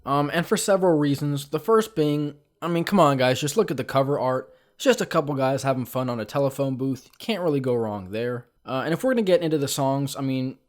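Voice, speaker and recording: A man's voice: medium pitch, a little mellow. A young man and vlogger telling a comic story about his past in a casual, self-mocking way, with frequent ums and uhs. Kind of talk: comedic storytime narration.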